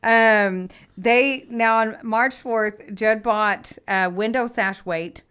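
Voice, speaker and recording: A woman's voice: a little high, slow pace, fairly bright tone, clean tone. A young adult woman co-hosting a podcast, telling a true-crime story in a chatty, giggly way, using "like" often and acting out the quotes. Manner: giggly, chatty, uses "like" a lot, acts out quotes.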